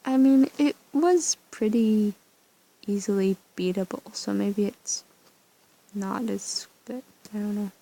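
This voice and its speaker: A woman reading a story game aloud, with deadpan, low-key asides. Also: slow, low-quality recording.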